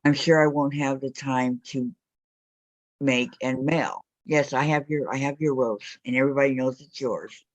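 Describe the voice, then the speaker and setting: A woman's voice: rumbling low, steady tone, normal speed, dry recording. An older woman hosting a quilting live stream on a video call, chatting casually, teasing her guests and reading viewer comments aloud.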